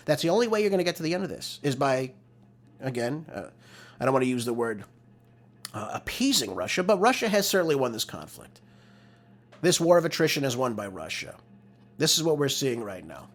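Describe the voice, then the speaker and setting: A man's voice: mid-range voice, very animated, brisk, pauses often. A man hosting a political talk show, delivering emphatic, exasperated solo commentary into a close mic.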